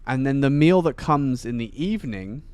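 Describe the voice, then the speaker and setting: A man's voice: medium pitch, lively intonation, moderate pace, darkish tone, smooth. A man chatting casually while playing a video game, rambling with many fillers and restarts. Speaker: game streamer. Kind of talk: casual chat while gaming.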